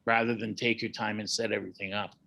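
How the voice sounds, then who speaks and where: A man, a boxing historian, telling animated anecdotes in a casual chat and acting out the quotes. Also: on the low side, quick pace, creaky, poor audio.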